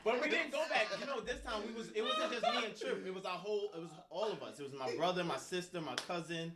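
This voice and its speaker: A man's voice: high voice, animated, fast, a loud crowd. A man co-hosting a podcast, telling his part of a story in laid-back casual chat and backing up his co-host. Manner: laid-back, agreeing with short replies.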